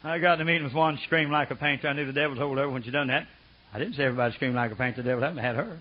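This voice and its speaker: An older man preaching a sermon, rambling and folksy, swinging from low murmurs to high shouted bursts. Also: rapid-fire. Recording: dull lo-fi sermon recording.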